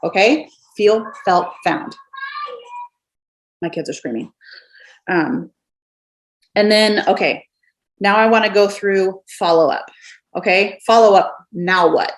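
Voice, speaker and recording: A woman's voice: mid-range voice, takes it slowly, pauses often, reverberant. A woman in her thirties coaching her sales team in a casual, upbeat way, acting out sample messages from her home office. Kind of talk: casual coaching talk to camera.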